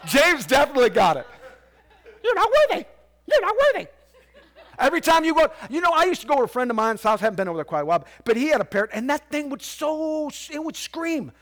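A male preacher delivering a sermon from the pulpit. His voice sits high and moves all over the place, dropping to near murmurs before leaping into loud, squawking bursts. The delivery is loose and conversational, full of restarts and calls to the congregation. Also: big pitch swings, fast, few pauses. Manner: preacher's swings from quiet to loud, squawking parrot imitations. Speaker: pastor.

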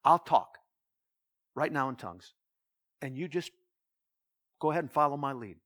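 A man's voice: fairly high pitch, lively intonation, normal speed, fairly bright tone, voice pushed down. A pastor quoting a matter-of-fact, insistent male coworker who gives plain instructions. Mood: instructing.

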